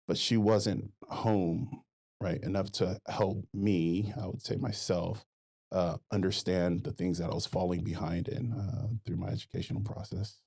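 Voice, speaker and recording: A man with a low, gravelly voice and a dark, mellow tone recounts his past for a podcast. He is relaxed and reflective, taking his time as the story unfolds. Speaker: guest. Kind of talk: casual interview storytelling.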